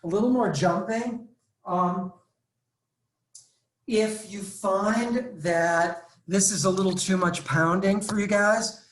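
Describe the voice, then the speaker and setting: A male fitness instructor runs a live online workout over a video call, counting reps and giving step-by-step cues. His voice is high-pitched, steady and fairly bright, and he takes it slowly. The computer mic picks up a roomy echo.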